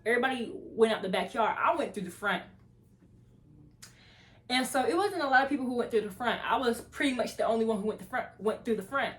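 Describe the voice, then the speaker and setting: A young woman vlogger recounts a tense night in an animated, casual way. Her voice sits a bit high, and she slips into the voices of the people she describes. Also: fast. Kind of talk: casual storytelling.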